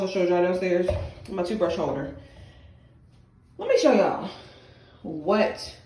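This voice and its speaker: A pregnant young woman, out of breath, chatting straight to her viewers in a casual clean-with-me vlog from her bathroom. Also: mid-range voice. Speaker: vlogger. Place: bathroom at home. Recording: echoey home room with faint noise.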